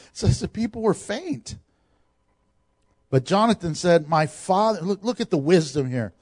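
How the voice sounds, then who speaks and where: A middle-aged man preaches with lively energy, often laughing at his own asides. His voice sits a little high for a man. The sound is dry and close, with almost no room echo. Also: moderate pace. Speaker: pastor. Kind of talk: sermon.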